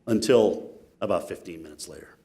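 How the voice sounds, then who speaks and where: A man giving a keynote speech, telling stories in an animated, self-mocking way. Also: sits low, a little fast. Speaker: keynote speaker.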